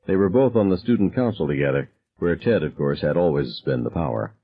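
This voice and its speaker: A man reading a novel aloud as narrator, calm and measured, dropping low on dialogue tags. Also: lo-fi sound. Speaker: audiobook narrator. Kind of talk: scripted narration.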